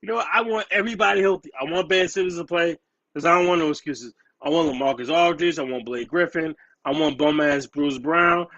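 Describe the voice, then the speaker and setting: A man, trash-talking in heated sports banter on a podcast. His voice sits somewhat high. He hammers points home by repeating himself. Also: a bit bright, highs cut off. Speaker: podcast co-host.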